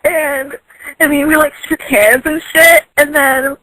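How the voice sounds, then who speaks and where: A woman's voice: high-pitched, fairly even intonation, a little slow, bright, forceful tone, no room sound, poor audio. A woman telling a casual story from work, chatty and giggly, full of likes and ums. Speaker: storyteller in a voice post.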